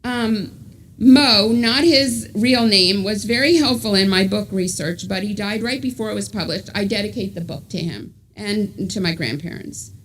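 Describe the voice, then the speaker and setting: A woman's voice: mid-range voice, normal speed, fairly bright tone. A middle-aged woman with a New York accent, giving a chatty author talk that she often interrupts herself in. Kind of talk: casual talk with reading aloud.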